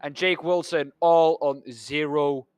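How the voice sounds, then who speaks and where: High-voiced race commentator. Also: male voice, steady tone, a little mellow, clean tone, dry recording. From Netherlands. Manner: talks through schedules and standings, pausing on names. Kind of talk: sim racing broadcast commentary.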